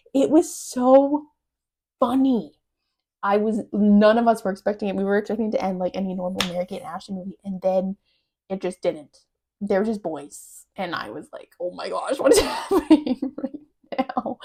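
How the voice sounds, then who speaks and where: A young woman in her twenties hosting a casual chat, telling movie plots in a chatty, animated way with laughs. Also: medium pitch. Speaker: podcast host.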